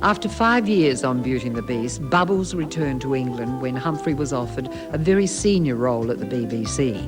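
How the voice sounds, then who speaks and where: A narrator reading a scripted biographical segment in a measured, even way. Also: medium pitch. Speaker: documentary narrator. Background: music.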